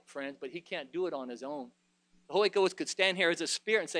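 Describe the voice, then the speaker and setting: A man preaching a sermon, alternating between loud exhortation and quiet reflection, often stumbling and restarting his phrases. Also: on the high side, a little fast, no echo.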